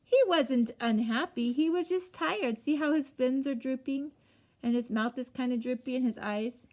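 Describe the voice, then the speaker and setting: A woman's voice: high-pitched, moderate pace, a little mellow. A young woman reading a picture book aloud to children, asking them questions and gasping as she goes. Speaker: storyteller.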